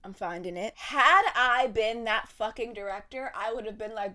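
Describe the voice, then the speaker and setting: A woman's voice: on the high side, normal speed, pushed and bright. A young woman hosting a podcast, ranting in a heated, profane, casual monologue. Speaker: podcast host.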